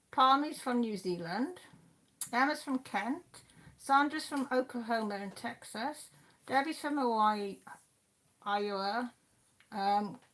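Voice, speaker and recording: A Welsh woman in her fifties hosts a casual livestream chat, laughing often and reading out viewers' comments and names. Her voice is on the high side and a bit bright.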